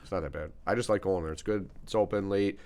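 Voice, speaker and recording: Casting: male podcast host, very low voice, laid-back, cusses a lot in easy banter. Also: fast, darkish tone. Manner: laid-back, swears freely. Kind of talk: casual podcast chat.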